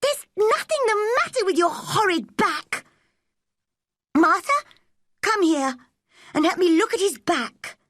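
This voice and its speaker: A woman's voice: very high voice, big pitch swings, a little slow, hardly any pauses, fairly bright tone, no echo, studio quality, pitched above the performer's own voice, exaggerated voice. A woman voicing an angry, stubborn little girl who scolds sharply in a storybook reading. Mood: furious.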